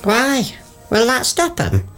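A woman's voice: a little high, wildly swooping pitch, takes it slowly, a bit bright, soft background music, full character voice. An actress playing a practical, harried mother in a radio comedy, heard from off-mic. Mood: brisk. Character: harried northern mum back from the wash house. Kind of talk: radio comedy drama acting.

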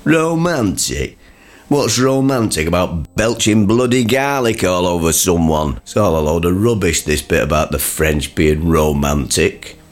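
An actor playing a blunt, grumpy working-class father in a radio comedy, gruff and scoffingly sarcastic. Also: low-pitched, animated, unhurried. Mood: grumbling.

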